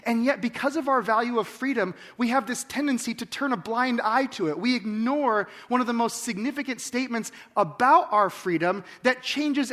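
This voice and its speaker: A man in his forties delivers a sermon in a church, his voice sitting high for a man. He talks to the congregation like a conversation, firing off rhetorical questions. He swings from hushed and slow to loud and fired up. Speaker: pastor.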